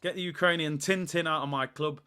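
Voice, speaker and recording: A man's voice: a little high, fairly even intonation, fairly quick, sharp tone, clean tone. A man, hosting a live football watch-along and ranting in exasperation and sarcasm.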